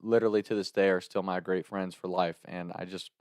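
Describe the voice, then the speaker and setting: Animated, profane man telling a story. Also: low voice, a little fast, dry recording, clean studio sound. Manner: animated, profane, laughs between lines; earnest and heartfelt when thanking viewers. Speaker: storyteller and content creator. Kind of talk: storytime vlog, comic anecdote.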